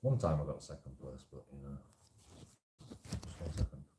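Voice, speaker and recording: A man's voice: extremely low pitch, animated, normal speed, echoey room, noisy background. A man hosting his own channel, talking in a casual, rambling monologue that repeats phrases, restarts and swears freely. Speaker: channel host.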